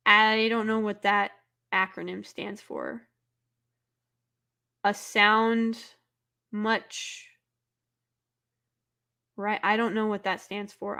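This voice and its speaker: A female livestream host with a mid-range voice chats casually with her viewers, rambling through plenty of filler words. Every so often she bursts out loudly in exasperation.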